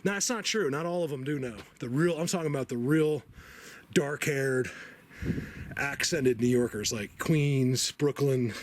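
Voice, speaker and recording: A man's voice: medium pitch, unhurried. A man from New Jersey rambling casually as he films a walk through mountain woods, joking and talking to his viewers. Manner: rambling, chatty, joking asides. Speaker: bigfoot researcher vlogger. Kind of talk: walking vlog narration. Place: outdoors in mountain woods and a cave. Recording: noisy outdoor ambience.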